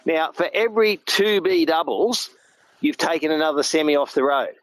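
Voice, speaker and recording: A middle-aged Australian man speaks with blunt, colloquial emphasis. His voice sits a touch high for a man. The sound is close and dry. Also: normal speed, no room sound, poor audio. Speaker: truck driver guest. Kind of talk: casual chat.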